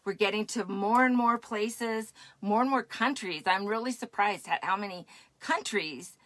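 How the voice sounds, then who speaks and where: A woman's voice: mid-range voice, normal speed, fairly bright tone, no echo. A woman podcast host talking casually and encouragingly to her live-stream audience. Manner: chatty, encouraging.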